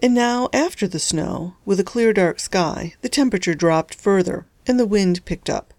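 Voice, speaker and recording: A woman author narrating her own novella in a lively, lightly humorous storytelling manner. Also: medium pitch, moderate pace, no room sound. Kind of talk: scripted narration of a serialized story.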